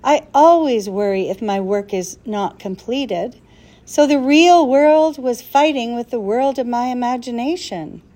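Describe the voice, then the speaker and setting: A woman's voice: fairly high pitch, measured pace, warm tone, close to an everyday voice. A woman voicing a flustered, worried old male professor who talks anxiously and with exasperation in a storybook reading. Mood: fretful.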